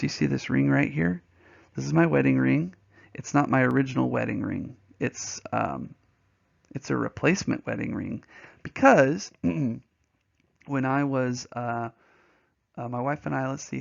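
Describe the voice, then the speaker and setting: Gravelly-voiced man teaching a poetry lesson. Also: medium pitch, dull audio. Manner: animated storyteller, acts out voices and sounds. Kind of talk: poetry lesson with a personal story.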